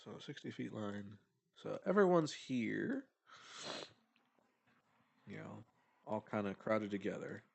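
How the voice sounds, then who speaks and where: A man's voice: fairly low pitch, expressive, slow pace, creaky, long pauses, breathy edge. A man narrating as game master in a casual tabletop game session.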